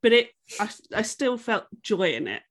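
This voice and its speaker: A woman's voice: medium pitch, very animated, normal speed. A woman joins a podcast as a guest and talks in an easy, casual way. She tells things with enthusiasm and giggles often. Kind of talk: casual chat.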